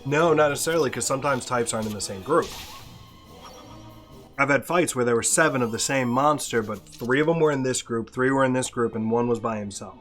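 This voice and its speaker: A man's voice: medium pitch, fairly quick. Dry man explaining a game over music. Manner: explanatory, dry, trails off quietly. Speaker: player and co-host of a gameplay video. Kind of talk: casual gameplay commentary.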